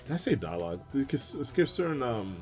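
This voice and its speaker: A man's voice: medium pitch, very animated, quick pace, a little mellow, faint music behind. A young man streaming a video game, telling a rambling story with lots of fillers and asides. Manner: rambling, chatty anecdotes with frequent laughs and fillers. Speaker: gaming streamer. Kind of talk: casual let's-play storytelling.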